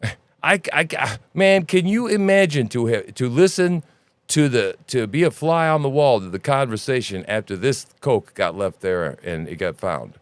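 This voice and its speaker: A man hosting a news commentary podcast, ranting in an animated, sarcastic and profane way. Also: mid-range voice, normal speed, no echo. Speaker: podcast host.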